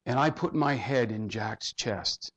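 A male pastor telling a personal story from the pulpit, heartfelt and earnest, his voice sinking low and quiet when he quotes people. The recording sounds dull and lo-fi, with a muffled top end. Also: a little slow, slightly rough. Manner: heartfelt, dropping to soft tones in quotes. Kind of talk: emotional sermon storytelling.

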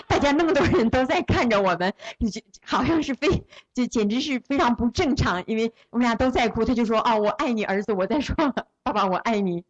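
A woman's voice: fairly high pitch, a little fast, dull audio. A woman interpreting a sermon phrase by phrase, following the preacher closely with small restarts.

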